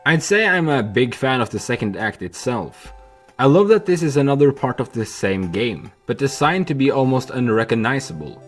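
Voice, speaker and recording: A young man narrating a video essay in a candid, animated way that includes swearing. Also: mid-range voice, moderate pace, faint music behind.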